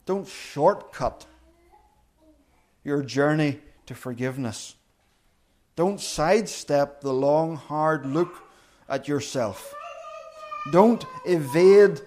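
A man preaching a sermon in an earnest, deliberate way, repeating key phrases for emphasis. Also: fairly high pitch. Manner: earnest, emphatic repetition with slow deliberate pauses.

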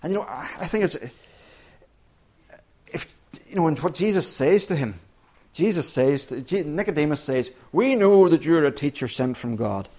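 Pitched on the high side and animated, this man preaches at normal speed with long pauses. His sermon is earnest and emphatic, full of restarted phrases and sudden loud stresses on key words.

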